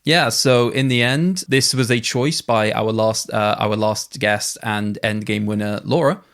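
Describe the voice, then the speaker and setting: A man's voice: fairly low pitch, measured pace, a bit bright. A man co-hosting a casual film podcast, rambling and correcting himself as he talks. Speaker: podcast co-host.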